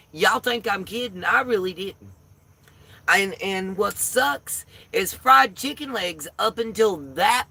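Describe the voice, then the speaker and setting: A woman's voice: mid-range voice, gravelly, sharp tone. A woman, the host of a livestream, telling a profane, colorful down-home story in a casual way.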